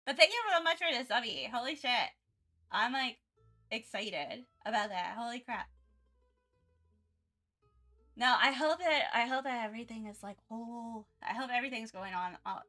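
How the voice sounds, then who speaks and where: A woman art streamer chatting casually with viewers on a livestream, excitable and rambling, often restarting her sentences. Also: a little high, normal speed, soft background music.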